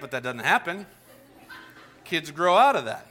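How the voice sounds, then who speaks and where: A man in his forties preaching a casual, story-driven sermon as pastor, acting out the voices in his anecdotes with big swings in pitch. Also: big pitch swings, a little slow, pushed and bright. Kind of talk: conversational sermon.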